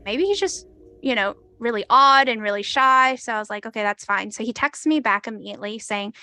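A woman in her twenties tells her story in an interview, conversational and hesitant, filling gaps with "like" and acting out what people said. Her fairly high voice is sharp and steady in tone and fairly quick, with no echo.

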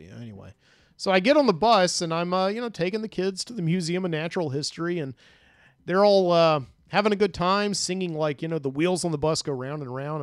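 A man's voice: a little high, dry recording, studio quality. A man hosting a podcast, telling a dream in a rambling, casual way with many fillers and restarts. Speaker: podcast host. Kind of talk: casual storytelling, recounting a dream. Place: studio. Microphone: studio microphone.

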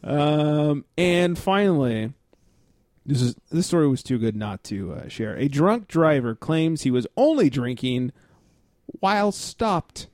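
A man's voice: on the high side, big pitch swings, unhurried, a little mellow, dry recording, clean studio sound. A man hosting a beer podcast, chatting through the news and laughing as he reads stories aloud.

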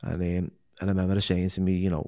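A man's voice: low voice, level tone, very fast, darkish tone. A man with a Liverpool accent, a podcast guest telling his life story frankly and emotionally, with plenty of swearing and false starts. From Liverpool, England. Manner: frank and emotional, heavy swearing, many restarts. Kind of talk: candid personal storytelling.

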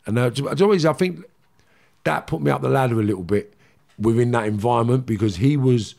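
A man's voice: mid-range voice, fast, creaky, a little mellow. A man, a guest in a casual interview, telling a story animatedly and swearing often while he acts out what others said.

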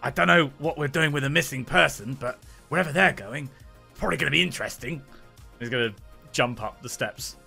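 Brief: British player, gravelly and husky, sharp bright tone, laid-back delivery. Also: mid-range voice, fairly quick, faint music behind. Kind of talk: tabletop role-play, playing a character.

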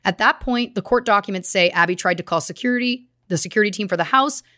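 Woman going through a true crime case on a podcast, serious and earnest, mid pitch, dry close sound. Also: fast, bright, forceful tone, no echo. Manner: earnest, reading case details with grave emphasis. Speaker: podcast co-host.

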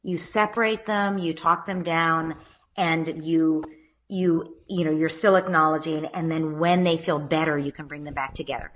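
A woman giving parenting advice in a podcast conversation, acting out gentle things a parent would say. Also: low-pitched, fairly even intonation, normal speed, poor audio. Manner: acts out gentle parent lines in a lilting voice. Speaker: parenting expert guest.

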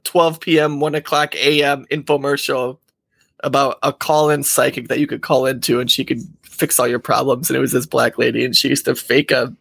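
A man co-hosting a podcast, rambling in casual chat with plenty of swearing and easy laughter. His voice sits at an ordinary middle pitch. The sound is close and dry, with no room in it. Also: little pitch movement, brisk, gravelly, fairly bright tone, slightly rough, dry recording. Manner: loose, profane, laughs often. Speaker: podcast co-host.

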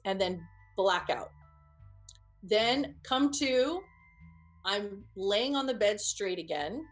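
A woman's voice: medium pitch, expressive, measured pace. A woman recounts her own experience to listeners in an earnest, vivid manner. Her voice sits in a middle register. She often stops mid-phrase, restarts and repeats words as she tries to get the telling right, with faint music behind her. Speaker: speaker recounting a personal experience. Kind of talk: first-person storytelling to an audience.

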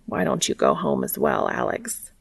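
A woman voicing a quiet, earnest adult male angel in a read-aloud story. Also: low voice, huge pitch swings, normal speed, gravelly, slightly rough, full character voice.

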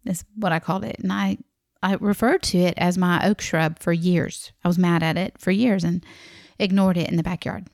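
A middle-aged woman from the American South speaks with a Southern accent in a fairly low, creaky voice at normal speed. She tells a personal story in a lively, talkative way, acting out quoted voices, on a dry recording with clean studio sound.

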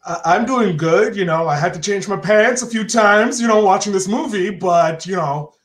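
A man's voice: high voice, moderate pace. A man, a podcast guest who jokes and laughs at himself. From Canada. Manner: jokey and animated, laughs at himself. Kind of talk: casual joking chat. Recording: echoey room.

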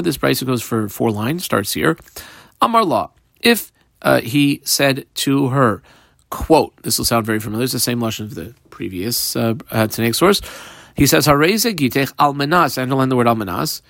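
Man, Talmud class teacher, lively swooping delivery, dry close sound. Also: medium pitch, gravelly, no echo. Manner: animated, mixes Hebrew-Aramaic terms into English explanation. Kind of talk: daily page Talmud class.

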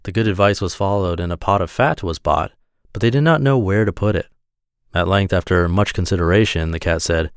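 Man, podcast host, reading a fairy tale, low voice, relaxed storytelling, dry close sound. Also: a little fast, clean tone, no room sound.

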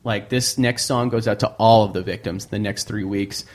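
A young man hosting a casual comedy podcast, telling stories in a lively, profane way. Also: on the low side, moderate pace. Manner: animated, profane storytelling with mock chanting. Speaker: podcast host.

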